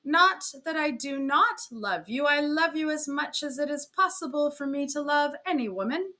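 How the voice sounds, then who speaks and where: A man's voice: extremely high pitch, lively intonation, moderate pace, bright, forceful tone, pitched above the performer's own voice, exaggerated voice. A woman voicing a man who breaks off his engagement in a letter, read in a strained, tearful way. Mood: anguished.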